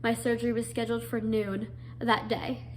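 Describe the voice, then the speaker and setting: A young woman with a slightly high voice tells a personal story. She is earnest and emotional, and she often restarts with fillers. A faint noise sits underneath. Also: little pitch movement, normal speed. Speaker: guest telling her story.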